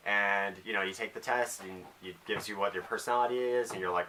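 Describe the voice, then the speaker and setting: Teen male vlogger, low-ish but bright tone, self-deprecating and rambling. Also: quick pace, slight background noise. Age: teens. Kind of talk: casual rambling vlog monologue.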